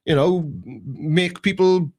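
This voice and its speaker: Chatty Welsh man, fairly high voice. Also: expressive, unhurried. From Wales. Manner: chatty, self-deprecating storyteller. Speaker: call-in show host. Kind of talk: casual chat.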